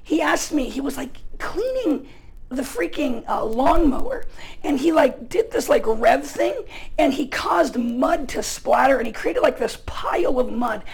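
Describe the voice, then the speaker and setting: American male preacher, gravelly edge, chatty and full of fillers, punches key lines loudly. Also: very high-pitched, lively intonation, unhurried, rough recording. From United States. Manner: casual and chatty, many fillers, bursts of loud emphasis. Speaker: pastor. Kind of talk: storytelling sermon.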